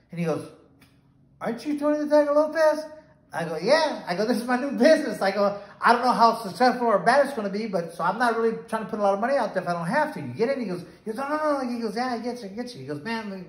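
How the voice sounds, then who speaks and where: A middle-aged man, a former boxer, tells a rambling anecdote and acts out the dialogue. His voice sits a touch high. The room echoes around him. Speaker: former boxer, bail bondsman. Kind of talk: casual storytelling interview.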